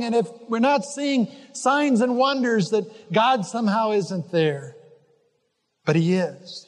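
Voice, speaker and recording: A man preaching a sermon, earnest and gently exhorting his listeners. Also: sits high, big-room sound. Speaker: pastor.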